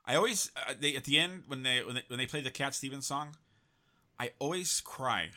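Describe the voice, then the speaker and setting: A man's voice: medium pitch, brisk, bright, forceful tone. A man hosting a casual interview, rambling with lots of restarts and fillers. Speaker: host.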